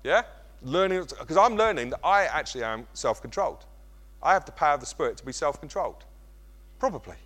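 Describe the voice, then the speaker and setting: A middle-aged man preaching a sermon, animated and self-mocking. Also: mid-range voice, fairly quick. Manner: animated, self-mocking, acts out kids' voices. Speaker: pastor.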